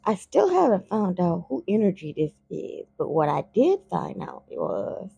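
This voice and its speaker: A woman's voice: fairly low pitch, measured pace, creaky, husky, dry recording, muffled recording. A woman, talking in a blunt, profane, casual monologue as a podcast host. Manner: blunt and profane, heated and animated when worked up.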